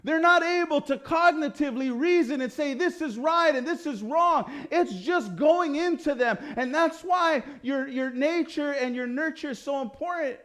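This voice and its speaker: High-voiced man giving a motivational lesson. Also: moderate pace, few pauses. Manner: animated storytelling with acted quotes and casual slang. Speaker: personal development instructor. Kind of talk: motivational lecture.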